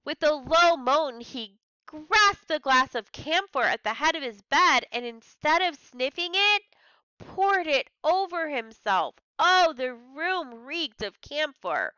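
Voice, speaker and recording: Bright, lively woman teacher reading aloud. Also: high voice, dry recording, highs cut off. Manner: pauses reading to paraphrase hard words in simple terms. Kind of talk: reading a story aloud to a class and explaining words.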